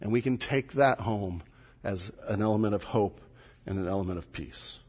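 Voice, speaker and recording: Recorded in a church sanctuary with long hall reverb, a middle-aged pastor preaches a conversational, teaching sermon with light humor. His voice is fairly low, slightly mellow and husky, at a moderate pace.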